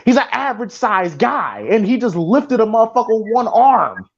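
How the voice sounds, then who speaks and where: A man co-hosting a casual movie commentary podcast, profane and excitable, rambling with lots of fillers. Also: sits high, normal speed, vocal fry, muffled recording. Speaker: podcast co-host.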